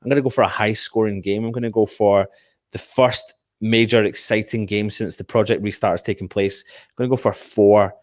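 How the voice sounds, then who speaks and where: A man runs a casual live stream for fellow fans. His voice sits low and he talks animatedly, reading comments and tossing out predictions. The sound is dry and close. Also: brisk, no echo. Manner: animated, reads out viewer comments. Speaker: host of a fan channel live stream.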